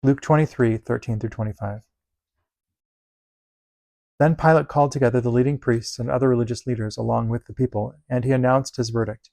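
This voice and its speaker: A man reading Bible passages aloud in a steady, measured delivery. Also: medium pitch, creaky, no echo. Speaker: Bible reader.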